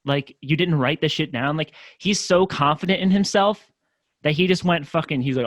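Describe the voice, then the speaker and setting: A man's voice: fairly high pitch, normal speed, no room sound. A young man co-hosting a casual chat, mocking rap tracks with lots of swearing. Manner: profane, mocking, animated. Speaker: co-host. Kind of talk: casual chat reacting to music.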